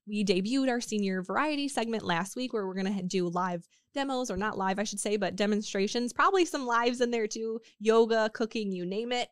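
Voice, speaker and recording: A woman's voice: mid-range voice, a little fast, few pauses, clean tone, no echo. Woman, podcast host, sick voice, chatty, upbeat, dry close sound. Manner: chatty, upbeat, many fillers. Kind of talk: casual promotional podcast talk.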